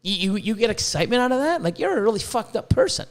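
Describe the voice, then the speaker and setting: A man from Canada hosting a podcast in casual chat, talking excitably, swearing freely and stumbling over repeated words when he gets worked up. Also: sits high, quick pace. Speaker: podcast host.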